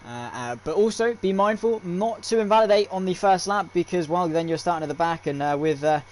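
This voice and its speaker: A man with a high-sitting, darkish voice calls a sim race on a live stream at a brisk pace. His upbeat play-by-play is chatty and loaded with fillers and restarts.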